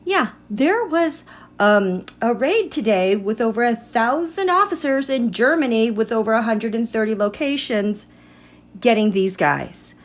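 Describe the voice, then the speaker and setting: A woman's voice: a little high, animated, unhurried. A woman hosting a tarot and astrology livestream from home, chatting in a rambling way and greeting viewers by name. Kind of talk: casual livestream chat.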